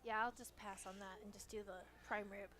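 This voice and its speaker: A woman co-hosting a high school soccer broadcast, chiming in with brief, upbeat remarks. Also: level tone, a little fast, a bit bright. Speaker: color commentator. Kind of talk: casual sports commentary.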